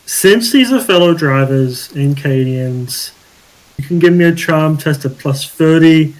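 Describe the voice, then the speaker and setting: Relaxed male game master. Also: a little high, a little slow, low-quality recording. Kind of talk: narrating a tabletop game.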